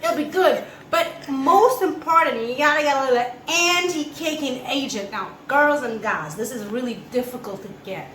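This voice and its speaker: A woman's voice: sits high, lively intonation, moderate pace, few pauses, fairly bright tone, a little hiss or hum. A Trinidadian woman giving a casual cooking demo in a home kitchen, jokey and chatty. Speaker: cooking vlogger. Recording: echoey room with faint ambience.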